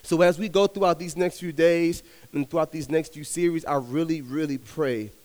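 A young man preaching to a youth audience, telling stories with energy and swinging between soft and loud delivery. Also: fairly high pitch, fairly even intonation, moderate pace, long reverb tail. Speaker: youth minister. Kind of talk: sermon. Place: large hall with young audience.

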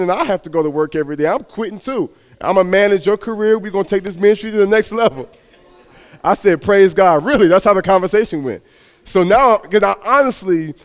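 A man preaching a sermon, telling a personal story and acting out the dialogue with lively, animated delivery. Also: fairly high pitch, big-room sound.

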